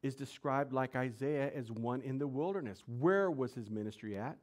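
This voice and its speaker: A man preaching a sermon, telling the story in slangy, animated speech and asking his audience questions. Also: mid-range voice, moderate pace.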